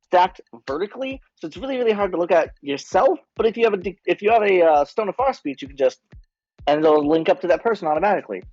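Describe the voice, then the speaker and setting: Fast-talking joking player. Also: male voice, high voice, animated, darkish tone, no echo, lo-fi sound. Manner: quick, joking, casual. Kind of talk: tabletop game play.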